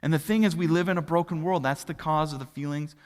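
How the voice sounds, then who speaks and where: A man's voice: a little high, steady tone, quick pace, darkish tone. A young adult man, a pastor, preaching a sermon in a church and telling self-deprecating stories in a conversational way. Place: church sanctuary. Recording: hall reverb from a church livestream.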